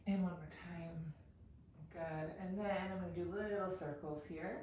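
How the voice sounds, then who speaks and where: A woman teaching a yoga class, calmly talking students through poses and breaths. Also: on the low side, far from the mic, a little hiss or hum. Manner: calm, unhurried cueing with breath counts. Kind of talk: guided yoga instruction. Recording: very echoey room, off mic.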